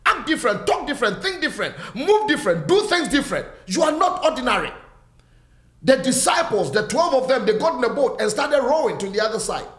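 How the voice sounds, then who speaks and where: A man preaching with fervent, driving repetition, stacking phrase on phrase. His voice sits high for a man. The room gives it a clear echo. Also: sing-song, brisk. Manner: quieter, friendly greetings to online viewers. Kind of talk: sermon.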